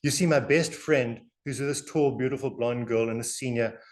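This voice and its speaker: An older man in his sixties speaks with a South African English accent and an ordinary mid-range pitch. He recounts stories casually for an interviewer, animated and quick to chuckle. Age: 60s. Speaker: alumnus.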